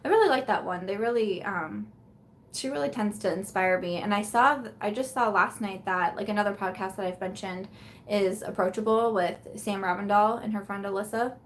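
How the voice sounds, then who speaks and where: A woman's voice: mid-range voice, brisk, slight background noise. Chatty tired young woman vlogger. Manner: chatty and rambling, with frequent fillers, restarts and laughs. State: tired, yawning. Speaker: beauty vlogger hosting a live chat. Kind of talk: casual live-stream chat.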